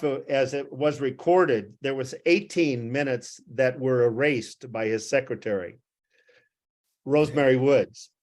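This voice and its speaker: An older man, a physician, telling a rambling, self-deprecating anecdote to a group on a video call, with frequent restarts and chuckles. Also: mid-range voice.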